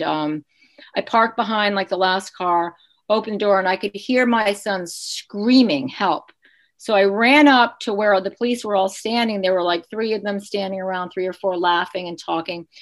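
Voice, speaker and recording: A woman in her fifties, appearing as a podcast guest, tells a painful personal story at a medium pitch. She speaks earnestly and emotionally, frequently restarting her sentences.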